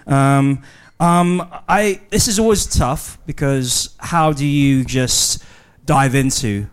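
A man hosting a live comedy podcast, halting and mock-bossy with many fillers. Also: medium pitch, smooth.

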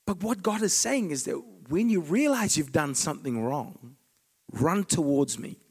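A man preaching a sermon, swinging between loud declarations and hushed asides. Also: a little high, animated, measured pace, slightly rough.

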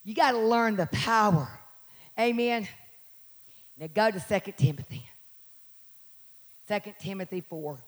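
A middle-aged woman pastor with a scratchy voice, preaching a sermon and breaking into shouted exhortations and sung lines. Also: medium pitch, expressive, measured pace, long pauses. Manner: preaching with call-outs, shouting and singing.

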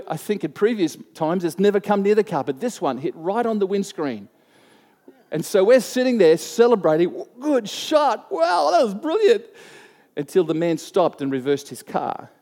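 Preacher in a reverberant hall. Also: male voice, fairly high pitch, dark tone. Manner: conversational storytelling, acting out quoted voices. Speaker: pastor. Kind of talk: sermon with a personal story. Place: church hall. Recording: long reverb of a church hall.

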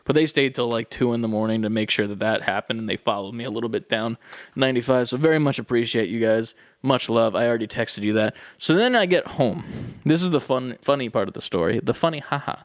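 A man's voice: mid-range voice, fast, no room sound, studio quality. Swearing young man telling a story. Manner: animated, swearing, acts out voices in his stories. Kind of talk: casual storytelling chat.

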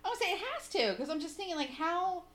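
A woman's voice: very high-pitched, lively intonation, fast talker, a bit bright, soft background music. A woman co-hosting a casual comedic chat, profane and laughing often, breaking into mocking impressions. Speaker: podcast co-host.

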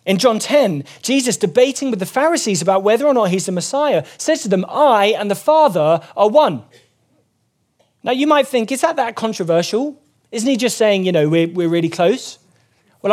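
Earnest, fairly high-voiced male preacher. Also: darkish tone. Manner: earnest, emphatic, voice rising when quoting scripture. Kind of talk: sermon.

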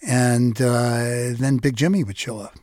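A man telling a personal story in a reflective, halting way. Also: mid-range voice, darkish tone, dry recording, clean studio sound. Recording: music bed underneath.

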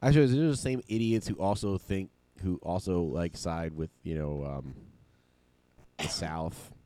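Low-voiced wry man on a comedy podcast. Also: normal speed, warm tone. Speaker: podcast co-host. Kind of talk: casual comedic podcast banter. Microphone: studio microphone.

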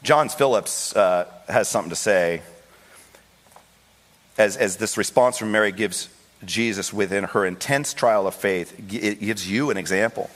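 A male pastor preaching a sermon with passion, acting out the voices in the Bible story and rising to high, pleading cries. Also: unhurried, a bit bright. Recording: long hall reverb.

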